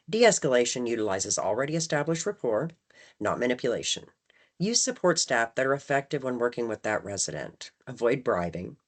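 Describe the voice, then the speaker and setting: A woman leading a staff training session, talking conversationally and often checking in with "right?". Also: extremely low pitch. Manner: acts out phrases with shifting emphasis. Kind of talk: training presentation.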